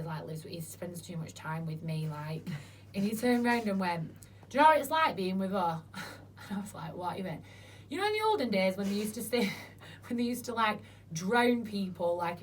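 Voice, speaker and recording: Chatty woman, sweary storyteller. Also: lowish voice. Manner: chatty, swears freely, acts out quotes. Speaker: interview guest. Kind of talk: frank casual chat. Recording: distant mic with faint noise.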